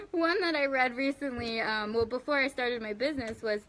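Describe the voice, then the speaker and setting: A woman's voice: high-pitched, lively intonation, normal speed, fairly bright tone. Bubbly, giggly young woman live-streaming. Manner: bubbly, giggly and chatty, thanking viewers by name; loose and rambling with fillers. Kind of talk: casual live chat reading viewer comments.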